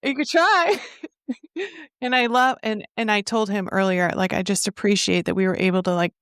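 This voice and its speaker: A woman's voice: medium pitch, normal speed, clear, resonant tone, dry recording, studio quality. Chatty woman podcast host. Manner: warm, chatty, laughs easily. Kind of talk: casual interview chat.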